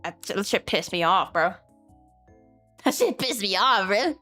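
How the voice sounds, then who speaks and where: A woman's voice: medium pitch, lively intonation, unhurried, sharp tone, faint music behind. A woman streamer in casual livestream chat, with a mid-range voice and frequent laughter. She swears freely and pokes fun at herself. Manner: laughing, swearing, self-mocking. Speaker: VTuber streamer.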